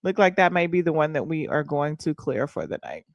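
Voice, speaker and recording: A woman's voice: low-pitched, sing-song, a little fast, no room sound, lo-fi sound. Hyped, swearing woman streamer. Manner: loud, hyped and playful with viewers, swears freely. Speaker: livestream host. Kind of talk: casual livestream chat.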